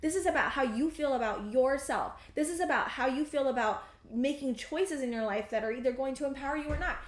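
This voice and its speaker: A woman's voice: high-pitched, fairly quick, echoey room, slight background noise. A woman in her thirties giving an earnest, emphatic pick-a-card tarot reading, often restarting her sentences. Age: 30s. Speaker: tarot reader.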